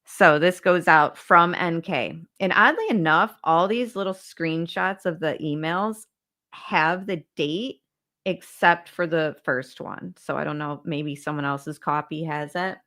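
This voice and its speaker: Woman host for a casual stream, slow and chatty, a little low-pitched, addresses viewers directly. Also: sharp tone. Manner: chatty, talks straight to viewers, reads documents aloud. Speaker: true crime channel host. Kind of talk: casual livestream case discussion.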